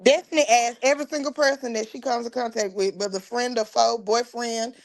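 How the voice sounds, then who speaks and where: A woman's voice: on the high side, steady tone, brisk. Emphatic woman in casual chat. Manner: emphatic, repeats for effect, casual slang. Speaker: guest.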